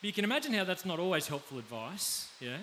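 A man with an Australian accent preaching a conversational sermon, often pausing to check in with his listeners. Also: sits high, very animated, a bit bright. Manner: conversational, pauses to ask the audience. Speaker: pastor. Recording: faint background hiss.

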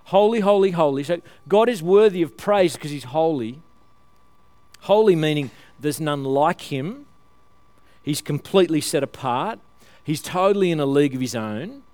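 A man gives a lively, conversational sermon in a smooth, resonant voice that sits a little high. He often restarts his phrases and talks straight to his listeners. The sound is close and dry. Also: normal speed, no echo. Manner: conversational, animated, with repeated restarts and light laughs. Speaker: preacher.

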